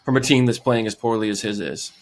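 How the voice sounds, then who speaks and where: A man's voice: lowish voice, steady tone, fast talker. A man co-hosting a sports podcast, chatting casually and agreeably. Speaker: podcast co-host.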